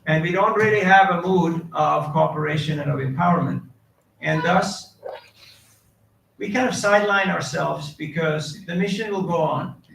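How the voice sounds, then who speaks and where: A man's voice: fairly high pitch, moderate pace, creaky, a bit bright. A man giving a devotional lecture who quotes Sanskrit verses and keeps putting questions to his audience. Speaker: preacher. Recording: echoey hall, distant mic, faint noise.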